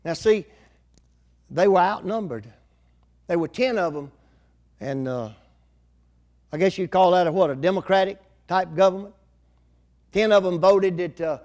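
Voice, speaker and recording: Older preacher, high-pitched and folksy. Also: male voice, a little slow, a little mellow. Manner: folksy, conversational preaching with rural grammar. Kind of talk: sermon.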